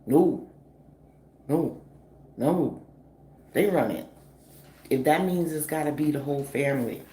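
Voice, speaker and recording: A woman's voice: low voice, brisk. Chatty woman in an echoey room. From northeastern US. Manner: animated, chatty, profane, with frequent fillers. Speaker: vlogger. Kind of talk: casual storytelling vlog. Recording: echoey room with faint noise.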